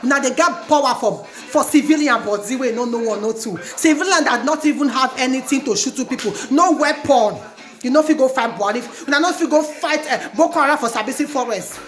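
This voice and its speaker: A woman's voice: sits high, brisk. A Nigerian woman living in Italy, ranting angrily and chanting slogans over and over in a protest vlog. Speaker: vlogger. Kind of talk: angry protest rant. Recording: echoey room with music playing.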